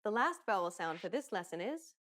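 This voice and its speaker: A woman narrating a pronunciation lesson in a clear, explanatory, encouraging way. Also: medium pitch, sing-song, fairly quick, a bit bright.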